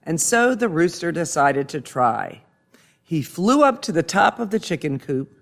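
Man reading a kids story, slow and gentle, kinda high voice. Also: big pitch swings, vocal fry.

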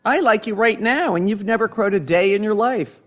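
A man's voice: high-pitched, moderate pace, pitched above the performer's own voice, close to an everyday voice. A man voicing a friendly, easygoing male barn cat in a storybook, speaking kindly. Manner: kind, easygoing.

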